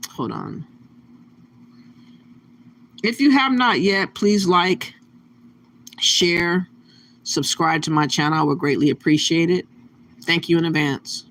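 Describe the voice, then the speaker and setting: A man hosts his channel with casual, plain-spoken reaction commentary, his voice a little on the high side. A faint hiss of noise sits under his talk. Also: creaky, fairly bright tone. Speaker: channel host.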